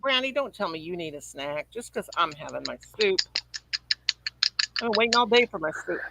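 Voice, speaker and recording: A woman's voice: on the low side, lively intonation, moderate pace, gravelly, noisy background. A woman hosting a casual livestream, chatty and teasing. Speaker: livestream host.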